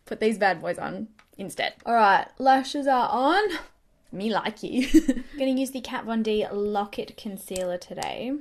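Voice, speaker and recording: A young woman chatting excitedly while doing her makeup, rambling quickly through a story with lots of fillers. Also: fairly high pitch. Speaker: beauty vlogger. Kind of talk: get-ready-with-me storytelling chat.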